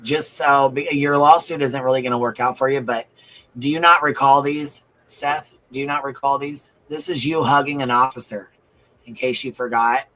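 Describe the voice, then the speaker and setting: This livestream commentator is a man with a medium-pitched, bright, forceful voice, captured in low quality. He reads viewer comments and is blunt, profane and emphatic, repeating phrases again and again.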